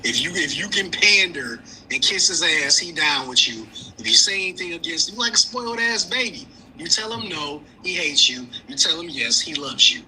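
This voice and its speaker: A man's voice: a little high, lively intonation, moderate pace, hardly any pauses, bright, forceful tone, slight background noise, rough recording. A man calling into a livestream, talking bluntly and heatedly in a slangy, casual way. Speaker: caller. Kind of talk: casual call-in chat.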